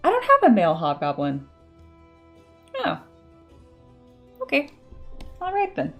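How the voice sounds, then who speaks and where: Woman chatting away on a sculpting stream, giggly, soft music behind. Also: mid-range voice, huge pitch swings, measured pace. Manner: chatty, laughs often, reads chat aloud. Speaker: 3D sculptor streaming her work. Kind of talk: casual live-stream chat while working.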